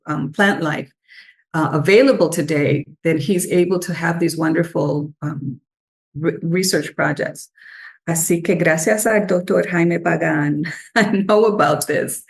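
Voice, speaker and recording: Middle-aged woman, lowish voice, chatty scholar guest, meandering with fillers. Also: rough recording. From Puerto Rico. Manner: rambling, warm storytelling with many fillers, switching into Spanish. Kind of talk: conversational interview.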